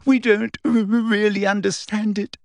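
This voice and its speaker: A woman reading aloud voices a teenage schoolgirl faking tears, high and breathless. She stammers over her words in choked little bursts, with a dry, close sound. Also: little pitch movement, moderate pace, a little mellow, no echo, natural voice. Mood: stammering. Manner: stuttering, choked, fake-tearful. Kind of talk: dramatic reading.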